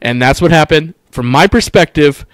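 A man's voice: on the high side, lively intonation, normal speed, no room sound. Insistent man in dry casual chat. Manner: insistent, arguing back.

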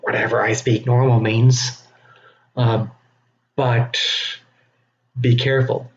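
A man giving a recorded teaching lecture, speaking slowly and deliberately with frequent fillers. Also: medium pitch, little pitch movement. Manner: slow, deliberate, self-aware delivery with frequent fillers. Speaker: instructor. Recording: dull lo-fi recording with faint noise.

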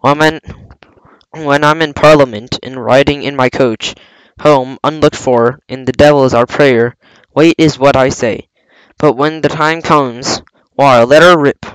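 Man putting on a scheming older pirate, blustering sea talk, mid pitch, smooth tone. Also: fairly even intonation, a little slow, dry recording, natural voice, rough recording. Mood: scornful. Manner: coaxing, blustering sailor talk. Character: scheming one-legged pirate cook, crafty older man.

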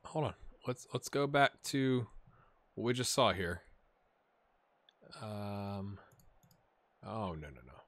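Bright-voiced man commentating his gameplay. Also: on the low side, takes it slowly, long pauses, no echo. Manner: thinks aloud, bursts into excited play-by-play. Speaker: gaming channel host.

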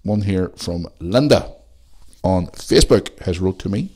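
Guy rambling on his podcast, kinda low voice, cursing casually. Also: expressive, a little slow, a little mellow. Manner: rambling, chatty, swears freely. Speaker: podcast host. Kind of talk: casual solo podcast chat.

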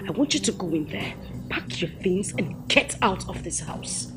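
An actress with a Nigerian accent playing a heartbroken young woman who lashes out with sharp accusations, with film music behind. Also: fairly low pitch, lively intonation, moderate pace, echoey room, close to an everyday voice. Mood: furious. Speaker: heartbroken daughter. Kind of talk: Nollywood film acting.

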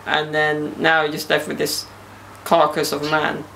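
Young man, podcast host, casual joking banter, slangy, gravelly creaky voice, slightly high. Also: completely flat delivery, moderate pace, bright, forceful tone, slight background noise. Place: outdoors in a garden.

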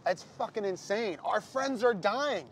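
An actor playing a crude friend who rambles bluntly about kids and getting older. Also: male voice, on the high side, lively intonation, a little fast, a little hiss or hum. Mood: teasing. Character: crude, rambling man needling his friend about fatherhood.

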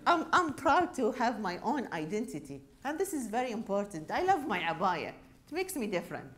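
A middle-aged woman with a Qatari Arabic accent giving a university lecture, with Arabic as her first language. She talks in a chatty, animated way and laughs often. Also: fairly high pitch, brisk. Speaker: guest speaker. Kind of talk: public lecture.

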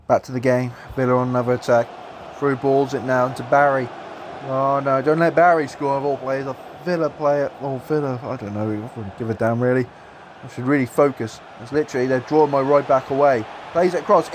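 A man commentating his own football video game career, moving between calm play-by-play and loud excited outbursts. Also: mid-range voice, a little fast, slight background noise. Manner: swings from calm play-by-play to shouting and swearing. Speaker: gaming YouTuber.

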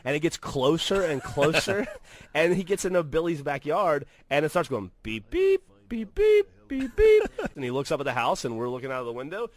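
Casual talk from a man in his forties, swearing and animated, pitch jumping all over as he acts out every character in his stories, tone of voice loose and easygoing without being showy. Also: dry recording. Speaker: podcast host telling stories. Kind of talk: casual storytelling with laughs.

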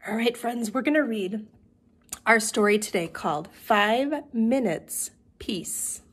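Woman teacher reading a kids story out loud, high bouncy voice, slow and a bit breathy. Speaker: children's music teacher. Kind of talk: reading a picture book to young children.

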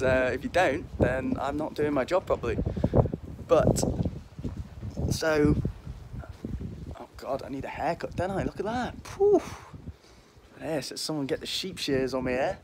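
Faint wind noise comes through the phone a twenty-something Liverpool man holds while walking around a windy back garden, vlogging in a mild Liverpool accent. Cheeky and self-mocking, he rambles and jokes casually, his medium-pitched voice measured and broken by frequent pauses.

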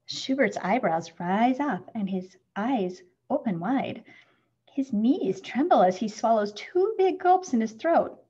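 A woman reading a children's picture book aloud, slow and lively in pitch. Her voice is breathy, a little higher than most. The recording is muffled and lo-fi. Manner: expressive, acts out sound words. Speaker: storybook reader.

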